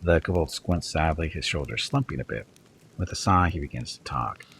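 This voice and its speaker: A man hosting a let's play, reading the game's narration aloud in a steady way with small stumbles. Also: a bass voice, moderate pace, vocal fry, a little hiss or hum, rough recording.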